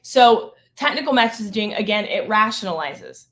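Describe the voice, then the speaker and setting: A woman's voice: medium pitch, normal speed, fairly bright tone. A woman in her thirties, a business coach teaching on a live stream, emphatic and checking in with "okay?" and "right?".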